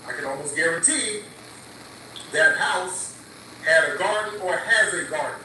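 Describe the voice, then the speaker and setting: A man's voice: sits high, unhurried, sharp tone, slight background noise. Earnest man in an echoey, distant clip. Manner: earnest, repeats his points and checks in with listeners. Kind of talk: casual spiritual talk.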